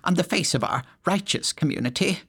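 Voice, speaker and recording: A man's voice: sits high, animated, a little fast, a bit bright, slightly rough, voice pushed up, exaggerated voice. A man voicing a pious, indignant older churchwoman who shrieks and scolds. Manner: shrieking, scandalized.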